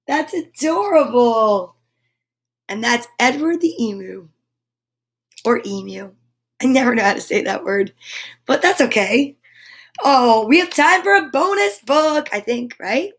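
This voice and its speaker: A woman hosting a children's story time, reading books aloud in a gentle, animated way. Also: on the high side, a little slow. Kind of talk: reading picture books aloud to kids live.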